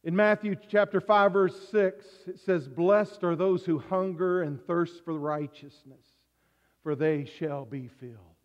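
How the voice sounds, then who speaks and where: A man preaching a sermon as pastor, swinging from hushed tones to shouts and calling for amens. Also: sits high, measured pace. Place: church hall. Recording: echoey hall, dull lo-fi sound.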